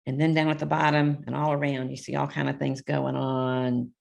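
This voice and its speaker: An older woman, the book's author, reads her children's picture book aloud live, chatting between pages and giving the characters small voice shifts, with asides. Her voice is bass and darkish with vocal fry, her delivery flat and at normal speed.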